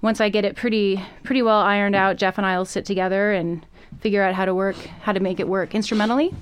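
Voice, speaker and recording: A woman's voice: medium pitch, steady tone, fast, noisy background. A woman, a singer and songwriter, talking in a modest, giggly way in a radio studio interview.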